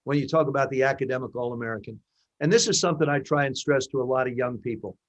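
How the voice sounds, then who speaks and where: A man in his seventies from New Jersey, a guest in an interview, telling animated stories and acting out dialogue. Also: medium pitch, fast, highs cut off. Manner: animated anecdotes with acted-out dialogue. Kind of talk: conversational storytelling.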